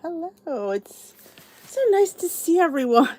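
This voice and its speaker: A woman's voice: extremely high pitch, very animated, a little slow, darkish tone. A middle-aged woman hosting a casual livestream chat, greeting viewers and reading their comments aloud. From New Jersey, US. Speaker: channel host.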